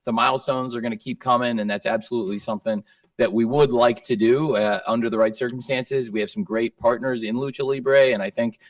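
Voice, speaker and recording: Male promoter at a press table, upbeat and measured; dry, distant pickup. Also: medium pitch, fairly even intonation, no room sound. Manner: upbeat, measured, a little halting. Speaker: wrestling promoter. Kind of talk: press conference answers. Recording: dry sound from a distant mic.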